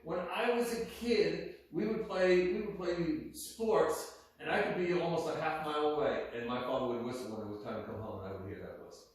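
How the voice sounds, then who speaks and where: A man's voice: fairly high pitch, a little fast, few pauses. A male PE teacher casually telling students a story in a plain, matter-of-fact way. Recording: echoey gym, distant mic.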